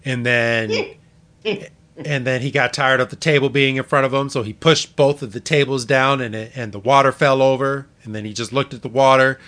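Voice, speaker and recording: A man's voice: mid-range voice, fairly bright tone. A man co-hosting a casual podcast chat, animatedly retelling a story and acting out quotes. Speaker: podcast co-host.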